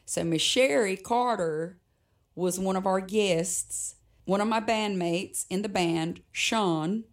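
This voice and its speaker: A woman's voice: medium pitch, slow. A woman guest, a musician, telling a personal story in conversation, reflective and often laughing between sentences.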